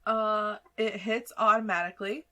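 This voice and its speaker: A woman narrating as game master for a tabletop game, chatty and quick to laugh. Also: mid-range voice, steady tone, sharp tone. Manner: laughs often, chatty with fillers.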